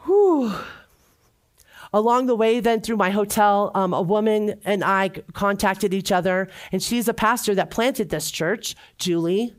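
A woman's voice: medium pitch, moderate pace, hardly any pauses. A middle-aged woman giving a heartfelt personal testimony at a church gathering, speaking earnestly and repeating phrases for emphasis.

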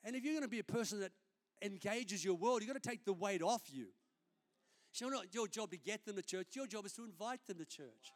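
A man's voice: sits high, animated, fairly quick. A man, a senior pastor preaching a sermon in a conversational, storytelling way during a church service.

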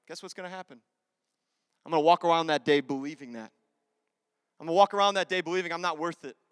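A man preaching a sermon as a pastor, animated and confessional, swinging between loud urging and hushed asides. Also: high-pitched, no echo, studio quality, big-room sound.

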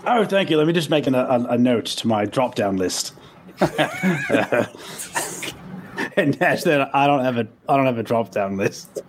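A man's voice: mid-range voice, expressive, a little slow, a little hiss or hum. A man playing a tabletop game, rambling and stumbling over restarts as he speaks in character. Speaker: player.

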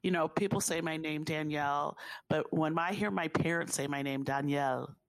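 A woman of Haitian background speaking earnestly and warmly about her faith in a conversation, repeating phrases for emphasis. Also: deep voice, brisk, no echo. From Haitian family.

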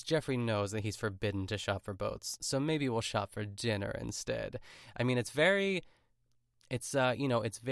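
A man's voice: mid-range voice, fairly bright tone, clean tone, dry recording, studio quality. A man hosting a podcast, casually recapping a cooking show in a rambling, chatty way full of "like" and restarts. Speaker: podcast host.

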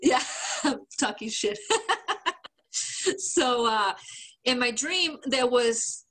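A woman's voice: on the high side, expressive, extremely slow, fairly bright tone, poor audio. A woman co-hosting a podcast, telling a story in casual chat, swearing and laughing often. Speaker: podcast co-host.

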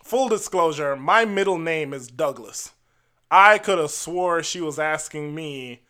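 A man's voice: a little high, lively intonation, unhurried, pushed and bright, smooth. A man from Jamaica telling personal stories to camera in a casual, earnest and wry way. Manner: earnest and wry, acts out the people in his stories. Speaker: vlogger.

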